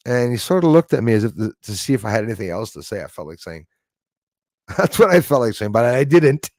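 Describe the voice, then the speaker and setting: A man's voice: medium pitch, big pitch swings, a little fast, a little mellow, no room sound, clean studio sound. A Canadian man telling rambling, digressive stories on a casual livestream, restarting his sentences and wandering off into asides. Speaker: livestream host.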